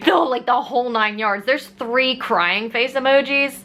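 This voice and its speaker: A young woman telling a personal story to camera in a candid, animated way, swearing casually and laughing at herself. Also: a little high, measured pace, hardly any pauses. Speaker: vlogger.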